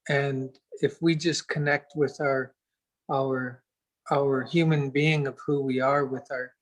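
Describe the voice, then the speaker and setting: A man as an interview guest, telling a reflective story in an earnest, unhurried way and pausing to search for words. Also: mid-range voice, flat delivery, poor audio.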